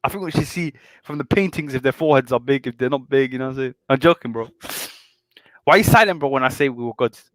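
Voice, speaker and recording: A man's voice: medium pitch, fast talker, a bit bright, no room sound. A young man, arguing in a casual, slangy, joking way. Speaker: panel speaker. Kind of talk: casual debate.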